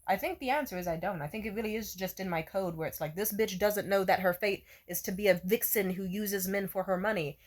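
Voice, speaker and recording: A woman's voice: medium pitch, a little fast, hardly any pauses. A young woman venting in a casual storytime vlog, frank and profane, rambling with lots of fillers. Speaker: vlogger.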